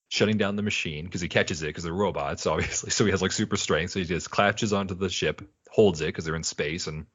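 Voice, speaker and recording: Lo-fi sound without echo carries a man's low-sitting voice. He's a podcast co-host rambling through a laid-back episode recap, telling it with energy and dropping into put-on character quotes.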